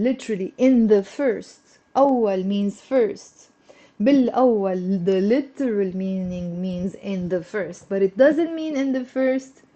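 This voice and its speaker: Woman, Lebanese accent, online language teacher, encouraging, fairly high pitch, muffled recording. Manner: lively and encouraging, switching between English and Arabic.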